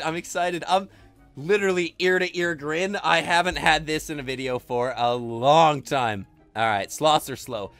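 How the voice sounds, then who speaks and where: High-voiced excitable gaming YouTuber man. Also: dry recording, soft background music. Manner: energetic, quick to exclaim, often repeats himself. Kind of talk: excited let's-play commentary.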